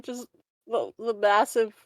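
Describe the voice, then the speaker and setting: A woman's voice: on the high side, slow, darkish tone. A woman running a tabletop game as game master, giggling through her narration and swearing casually.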